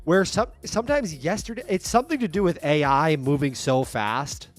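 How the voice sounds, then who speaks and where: A man live streaming and chatting to his viewers, excitable and stammering through restarts. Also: a little high, moderate pace, faint music behind. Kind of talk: casual live stream chat.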